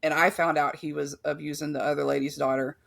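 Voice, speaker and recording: Woman with a gravelly voice telling a hard story. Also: sits low, flat delivery, quick pace. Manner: blunt, swears freely, many "like" fillers. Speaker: podcast guest. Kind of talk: candid personal storytelling.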